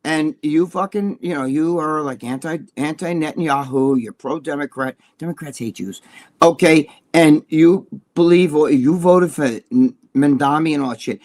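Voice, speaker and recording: High-pitched, profane man in his sixties. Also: normal speed, a little mellow, no echo. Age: 60s. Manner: profane, combative, rambling. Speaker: co-host. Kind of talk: heated political rant on a talk show.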